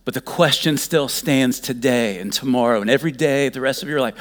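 A male pastor preaching a sermon, moving between loud, urgent exhortation and soft, near-whispered lines, then leading communion. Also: medium pitch, a little fast.

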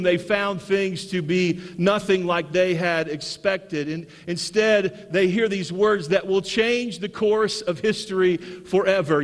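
A man with a high, bright voice preaches to his congregation, repeating key phrases and pausing for the crowd to answer amen. His sermon rings out with a long reverb, as if filling a large church sanctuary. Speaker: pastor. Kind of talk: Easter sermon.

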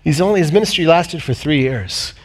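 Male pastor, sermon delivery, a touch high-pitched, dynamic swings from loud to hushed. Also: a little fast, husky. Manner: animated preaching, swinging from loud emphatic highs to low quiet reading.

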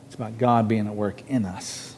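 A minister preaching a sermon from a podium, earnest and conversational, stressing key words. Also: male voice, lowish voice, steady tone, normal speed, vocal fry, darkish tone, in a large hall, slight background noise. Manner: earnest, conversational preaching with restarts and rising emphasis. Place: church sanctuary on a raised podium.

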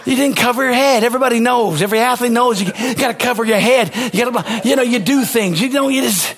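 A male pastor preaching a sermon with passion, repeating phrases, swinging from loud exclamations to low, quiet asides. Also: fast.

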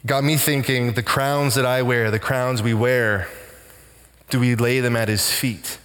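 A man's voice: medium pitch, steady tone, measured pace, a bit bright, in a large hall. A man preaching a sermon as pastor of a church, earnest and heartfelt, often repeating words as he goes.

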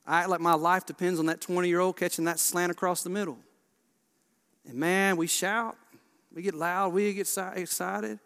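Preacher in his forties, impassioned, fairly high-voiced, ringing through a big reverberant church. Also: steady tone, normal speed, clean tone. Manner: impassioned, swinging from hushed to loud. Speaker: Baptist pastor. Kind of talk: sermon. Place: large church sanctuary.

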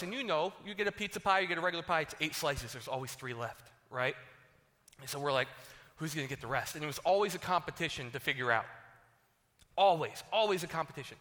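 Bright-voiced casual male preacher in a hall. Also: on the high side. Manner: conversational, heavy use of "like" and "right?". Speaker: pastor. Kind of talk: casual sermon. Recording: long hall reverb.

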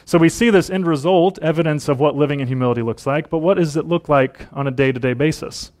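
A man's voice: fairly high pitch, quick pace, darkish tone. A man preaching a Sunday sermon in a church service, reading scripture aloud and then reflecting on it in plain words.

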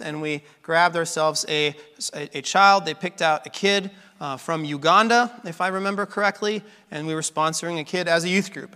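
A man's voice: fairly high pitch, bright, forceful tone, smooth, long reverb tail. A pastor telling a story in a sermon, conversational and full of restarts, his voice a little worn.

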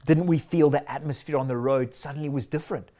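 A man's voice: on the high side, steady tone, fast talker, warm tone. A man preaching a sermon in an earnest, emphatic way, stacking short declarations.

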